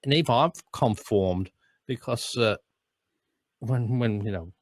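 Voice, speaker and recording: A man's voice: medium pitch, slow pace, dry recording. An Australian man talking in an easy, meandering way, his voice sitting in a middle register. The sound is close and dry, with no room in it. He circles back on his sentences as he explains. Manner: rambling, restarts often, chuckles while explaining. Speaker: co-host, voice-over artist. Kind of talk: casual chat.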